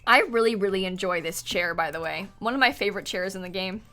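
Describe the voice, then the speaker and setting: Bright-voiced young woman streamer. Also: mid-range voice, quick pace. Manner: chatty and giggly, reading out chat thanks. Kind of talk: casual live-stream chat while gaming. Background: faint music.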